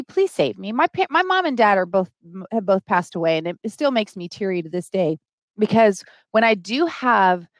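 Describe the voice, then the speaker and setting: A woman's voice: mid-range voice, dry recording. A middle-aged woman hosting a motivational live stream, talking to her viewers and getting teary as she speaks. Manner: emotional, reads chat names aloud, gets teary.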